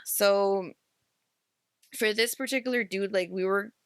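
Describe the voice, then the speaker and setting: A woman's voice: medium pitch, measured pace, smooth, dry recording. A woman co-hosting a podcast in casual chat, telling a story in a laid-back, rambling way. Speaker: podcast co-host.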